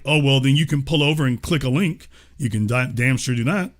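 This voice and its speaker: A man's voice: mid-range voice, animated, normal speed. Sarcastic man hosting a livestream. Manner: mocking, sarcastic. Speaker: show host. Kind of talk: livestream political commentary.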